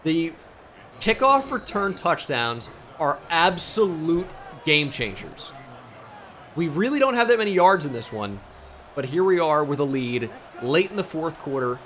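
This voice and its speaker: A man's voice: a little high, very animated, measured pace, fairly bright tone, slight background noise. A young man commentating his own video game as a gaming YouTuber, switching between mock play-by-play and frustrated outbursts.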